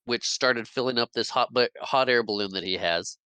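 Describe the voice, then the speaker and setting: Bright-voiced man recapping a movie. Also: mid-range voice, normal speed, clean tone, no room sound, rough recording. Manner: animated retelling, acting out quoted lines with laughs. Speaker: podcast host. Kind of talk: casual movie recap chat.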